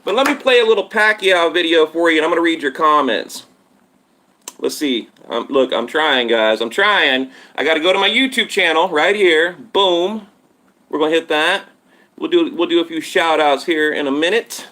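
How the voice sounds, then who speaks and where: A man hosts a casual boxing live stream from home, talking straight to his viewers and wandering between points as he reads their comments. His voice sits high and cuts through with a bright, tense edge. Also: moderate pace. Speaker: boxing channel host. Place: home setup in Texas. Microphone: tablet on live stream.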